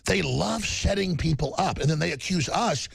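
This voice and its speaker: Gravelly, raspy talk host. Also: male voice, fairly high pitch, lively intonation, no echo. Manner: gravelly, fast and combative, with mocking put-on quotes. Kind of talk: heated political talk.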